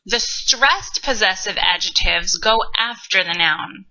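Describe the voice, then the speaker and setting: Woman, language teacher, very bright tone, slow careful delivery, dull lo-fi sound. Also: mid-range voice, animated. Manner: slow, patient explaining with casual asides. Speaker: Spanish teacher. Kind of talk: recorded grammar lesson. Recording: dull lo-fi recording.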